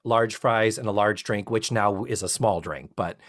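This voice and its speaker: A man's voice: fairly low pitch, normal speed, fairly bright tone. Chatty playful man in his fifties. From South Shore of Massachusetts. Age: 50s. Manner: chatty and playful, with jokey wordplay. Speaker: podcast co-host. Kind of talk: casual chat recapping a TV episode.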